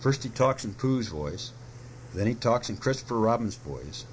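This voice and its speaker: A man voicing a timid, anxious little male piglet who speaks quickly and squeakily in a storybook reading. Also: animated, a little hiss or hum, close to an everyday voice. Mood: nervous.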